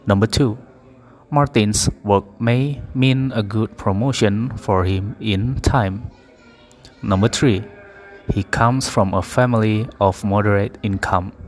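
Slow, careful man reading drill words. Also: fairly low pitch. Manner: careful, deliberate word-by-word reading. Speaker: pronunciation practice reader. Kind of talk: slow read-aloud pronunciation drill.

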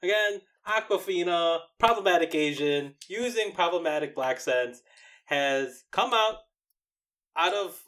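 Casual podcast co-host, a man who talks animatedly and stumbles over restarts. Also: fairly high pitch. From United States. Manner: animated, stumbling restarts, mocking quoted voices. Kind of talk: casual chat.

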